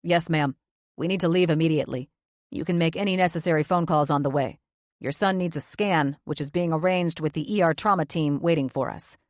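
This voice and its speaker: A brisk, matter-of-fact paramedic in an audiobook, as a woman narrator puts the voice on. The lines come lower and firmer than her narration, clipped and urgent, on a dry close mic. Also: no echo, natural voice.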